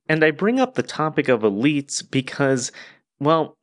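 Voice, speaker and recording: A man's voice: a little high, very animated, measured pace. Male host for a politics podcast: loose, conversational explainer who drifts into asides and fillers. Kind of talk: casual political explainer monologue.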